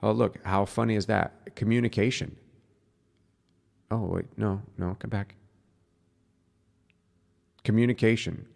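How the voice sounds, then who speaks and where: A man hosting a spiritual podcast, teaching in a casual, earnest way and dropping to a soft, slow voice to demonstrate. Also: fairly low pitch, gravelly.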